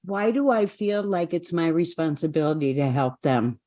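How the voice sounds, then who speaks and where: A woman taking part in a coaching session, speaking haltingly and trailing off mid-thought. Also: sits low, warm tone, no echo. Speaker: session participant. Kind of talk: conversational sharing.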